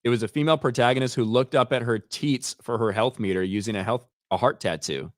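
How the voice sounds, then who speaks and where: A man's voice: mid-range voice, fast talker, no echo, clean studio sound. Profane, rambling male stream host. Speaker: show host reading viewer comments. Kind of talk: casual livestream chat.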